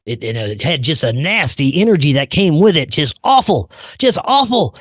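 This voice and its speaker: A man hosting a podcast, telling a personal story in an animated, slangy way and often saying "man" and "dude". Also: fairly high pitch, moderate pace, no echo, studio quality. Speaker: podcast host. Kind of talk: casual storytelling.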